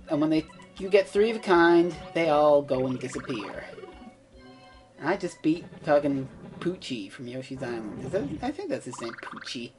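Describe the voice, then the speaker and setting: A woman's voice: deep voice, darkish tone. A woman doing casual let's play commentary, rambling, self-mocking and swearing freely.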